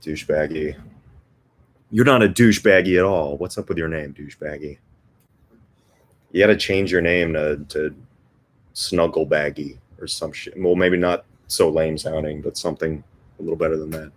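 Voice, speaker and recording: Young male streamer, deep and easygoing, casual banter with viewers. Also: fairly even intonation, fairly quick. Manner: laid-back, joking, chuckles often. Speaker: livestream host and guitarist. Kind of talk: casual livestream chat reading comments.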